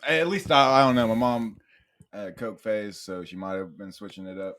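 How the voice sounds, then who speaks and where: A man's voice: fairly low pitch, moderate pace, fairly bright tone, slight background noise. A young man co-hosting a podcast in a casual chat, joking and teasing with plenty of swearing. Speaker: podcast co-host.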